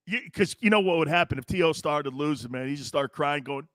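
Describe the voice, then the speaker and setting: A man's voice: on the high side, fairly quick, few pauses, no echo. A man hosting a sports talk show, brash and joking, laughing often as he reads viewer comments.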